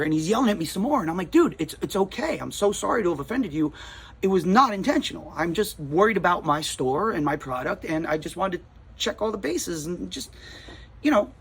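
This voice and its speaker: A man's voice: on the high side, fairly bright tone, breathy edge. A man with a New Jersey accent, a comic shop owner, telling a rattled, rambling story in a casual vlog, full of restarts and repeated words.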